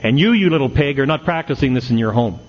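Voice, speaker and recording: A man's voice: medium pitch, expressive, fast, highs cut off, slight background noise. A middle-aged man giving a humorous recovery talk, telling stories and acting out the quotes. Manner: storytelling with punchlines, acts out quotes. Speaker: AA speaker.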